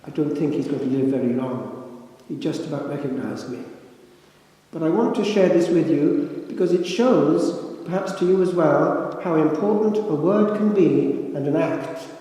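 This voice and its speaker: An older man, a priest, delivering a sermon as slow, reflective storytelling with dramatic pauses, recorded in a church. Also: a little high, warm tone. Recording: echoey church with long reverb.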